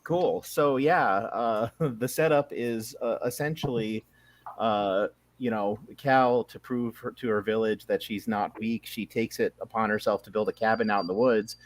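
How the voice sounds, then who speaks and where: A man's voice: on the low side, unhurried. A man, an author, setting up his story with many fillers, then narrating it aloud. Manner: hesitant with fillers when explaining. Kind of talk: casual setup then read-aloud narration.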